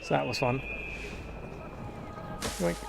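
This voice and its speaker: A man's voice: medium pitch, slow, gravelly, background noise. A young man giving casual, profane, rambling commentary as he plays a video game, laughing often. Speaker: gameplay commentator. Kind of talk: casual let's-play commentary.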